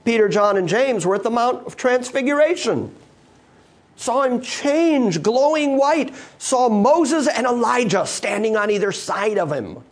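A man's voice: extremely high pitch, lively intonation, a little slow. A man preaching a sermon to a live congregation, emphatic and full of rhetorical questions put to the listeners. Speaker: pastor.

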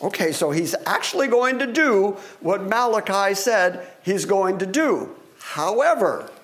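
A pastor with a high-pitched voice preaches at an unhurried pace, teaching from scripture. He's animated, acting out the voices of the people in the story, including those asking questions.

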